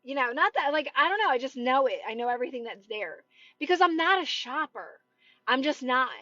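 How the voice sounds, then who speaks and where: High-voiced chatty woman on a phone livestream. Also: lively intonation, brisk, sharp tone, no room sound. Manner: chatty and rambling, full of "like" and "right?". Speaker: manifestation coach. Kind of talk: casual livestream chat with viewers. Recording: dull, dry phone livestream audio.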